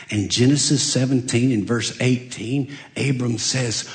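A man delivers a sermon, telling the story through acted-out dialogue and humor while shifting between soft, low asides and raised, emphatic cries. He speaks unhurriedly, with hardly any pauses.

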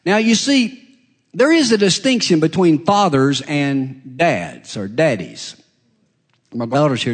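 A middle-aged man preaching a sermon in a conversational way, pausing and restarting, his pitch swinging up and down. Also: lively intonation, breathy edge. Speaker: pastor.

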